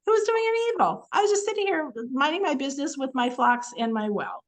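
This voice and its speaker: A woman's voice: high-pitched, expressive, brisk, voice pushed up. A woman voicing an indignant biblical patriarch, a man talking in an incredulous, mock-exasperated way.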